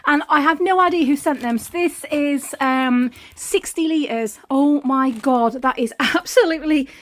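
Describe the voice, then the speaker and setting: A high-pitched woman talks to her viewers in a casual home vlog. She gushes with excitement, laughs a lot and lets the odd swear slip. Her voice sits up high and bright in tone. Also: a little slow. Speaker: home and garden vlogger. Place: home hallway and garden.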